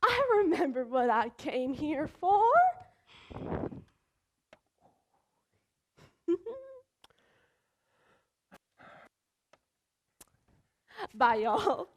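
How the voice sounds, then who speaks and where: A woman's voice: sits high, big pitch swings, a little slow, slight background noise. A teenage girl acting on a school stage as a drunk, giggly college girl with a Southern accent who slurs and turns defensive. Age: teens. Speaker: student actor.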